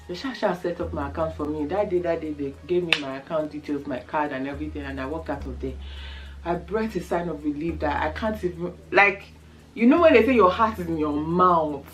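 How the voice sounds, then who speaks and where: A Nigerian woman vlogger telling a story in a lively way while eating for a mukbang, often breaking into laughter. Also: lowish voice, rough recording.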